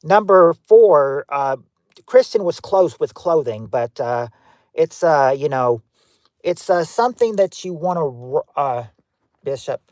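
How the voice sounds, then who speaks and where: A man's voice: fairly high pitch, animated, measured pace, darkish tone, no echo. A man hosting a livestream game show, reading out viewers' guesses and greeting them by name in an offhand, chatty way. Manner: offhand, with frequent fillers and restarts.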